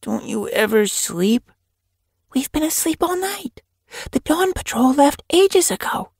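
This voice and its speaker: A small boy kitten who whines and squeaks in a very high voice, grumbly yet brave. The audiobook sound is dry and close. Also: sing-song, a little slow, gravelly, a little mellow, no room sound, exaggerated voice. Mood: excited. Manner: high and whiny. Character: young male kitten, timid but plucky, grumbly.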